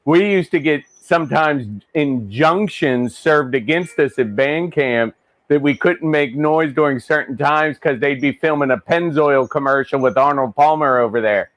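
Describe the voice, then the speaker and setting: Talkative male host from western Pennsylvania, slightly high voice, dry close sound, quick to laugh. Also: no echo. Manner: chatty, laughs often. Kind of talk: casual live-stream chat.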